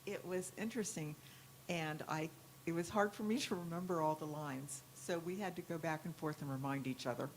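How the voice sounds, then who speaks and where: A woman from the congregation sharing her experience, speaking softly, candidly and a little hesitantly. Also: low-pitched, brisk, slight background noise, poor audio.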